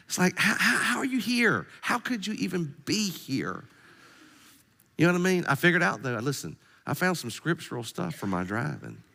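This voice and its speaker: Male pastor for a sermon. Lively, joking delivery with direct questions to the congregation, and a pitch that swings widely. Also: normal speed, gravelly. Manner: animated, humorous preaching with direct questions.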